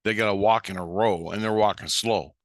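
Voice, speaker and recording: A man's voice: on the low side, steady tone, fairly quick, no echo, studio quality. A man telling a story in a blunt, heated way, swearing constantly. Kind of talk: casual storytelling.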